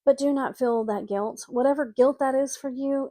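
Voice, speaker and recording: A middle-aged woman with a fairly high voice tells a personal story of loss in an earnest, emotional way. She speaks directly to grieving listeners as a spiritual coach. The sound is dry and close, with no room around it. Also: steady tone, moderate pace, dark tone, dry recording.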